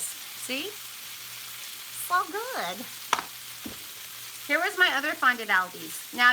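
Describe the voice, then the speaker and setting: A woman hosting a casual home cooking vlog, chatting bubbly to her viewers as she cooks. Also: high-pitched. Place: home kitchen. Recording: noisy kitchen with sizzling pan. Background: frying and sizzling food.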